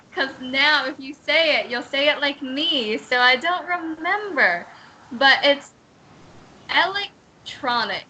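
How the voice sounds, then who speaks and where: A woman's voice: high-pitched, bright, forceful tone, slight background noise, poor audio. A woman teaching an online reading class on a video call, hesitant and correcting herself often. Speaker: English teacher.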